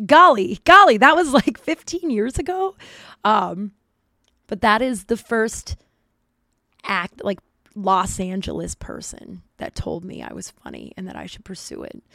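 A woman in her forties, a podcast host, telling a personal story in a candid, profane, animated way. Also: mid-range voice, vocal fry, no echo, studio quality. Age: 40s. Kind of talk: casual storytelling monologue.

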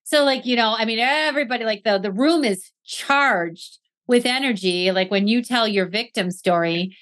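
A woman's voice: a little high, moderate pace, a bit bright. A woman hosting a podcast in casual conversation, chatty and full of fillers. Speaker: podcast host.

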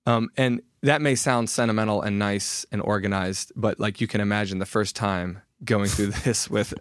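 A man in his thirties talks as a podcast guest in a casual, candid way, often restarting his sentences and poking fun at himself. His voice sits on the low side. The sound is dry and close, with no room around it. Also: fairly even intonation, moderate pace, smooth, dry recording. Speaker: author and guest.

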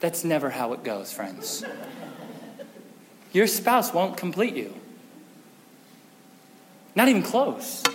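A man preaching a sermon, telling a story with lively animation and acting out the scenes. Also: high voice, big-room sound, a little hiss or hum. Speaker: pastor.

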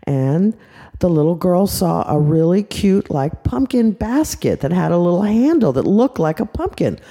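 An older woman narrating an improvised bedtime story in a chatty, animated way, tossing in sound effects. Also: on the low side, moderate pace, slightly rough. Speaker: storyteller grandmother.

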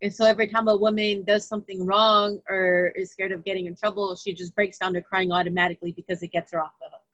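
A woman in a casual group podcast, explaining her views in an animated way and giggling often. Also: medium pitch, fast talker, no room sound, dull audio.

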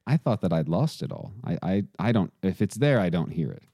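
A man's voice: low-pitched, very animated, brisk, mellow, no echo, clean studio sound. A man with a faint Southern accent, a podcast guest talking in a loose, rambling way with many fillers and restarts. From southern United States. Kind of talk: casual conversation.

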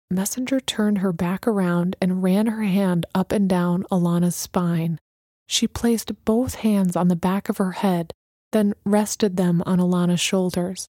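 A woman with a voice on the low side narrates an audiobook at a steady, measured pace. There's no room sound, and the quality is studio-grade.

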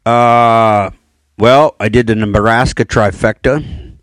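A man's voice: medium pitch, fairly even intonation, slow, smooth, no room sound, clean studio sound. A man from Wisconsin telling hunting stories in casual chat, joking and laughing often.

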